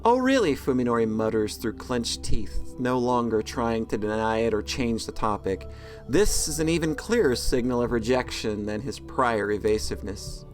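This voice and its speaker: A man's voice: medium pitch, moderate pace, faint music behind. A man reading a visual novel's text aloud, breaking off for sarcastic, joking commentary. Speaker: let's play host.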